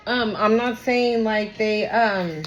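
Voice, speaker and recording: A woman's voice: fairly high pitch, slow, muffled recording. Lady doing a tarot reading, rambly and emotional, noisy room behind her. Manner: chatty, emotional, trails off and restarts. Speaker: tarot reader. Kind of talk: casual tarot reading to viewers. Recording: background noise.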